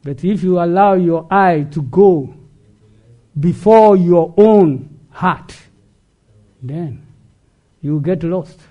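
High-voiced slow-paced male preacher. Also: muffled recording. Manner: call-and-response preaching with rhetorical questions and shouted exhortations. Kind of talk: sermon.

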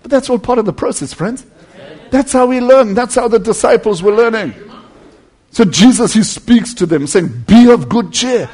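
A male preacher giving a sermon, swinging between loud emphatic passages and hushed near-whispers, earnestly calling his listeners friends. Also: high-pitched, expressive, moderate pace, slightly rough.

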